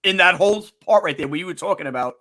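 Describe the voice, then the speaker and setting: A talk show host speaks in a fast, effusive, slangy rush that stumbles over its own starts. His voice is bright and a bit higher than most men's. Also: animated. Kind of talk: casual talk show chat.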